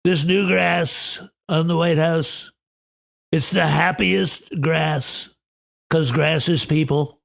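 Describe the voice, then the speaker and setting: Man doing a slow rambling old politician. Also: on the high side, fairly even intonation, creaky, full character voice. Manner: slow, drawn-out delivery.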